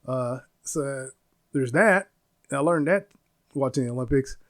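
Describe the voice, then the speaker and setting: A man's voice: mid-range voice, lively intonation, measured pace. A man in his forties from the United States, hosting a casual solo podcast, rambling, laughing often and searching for words. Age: 40s. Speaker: podcast host.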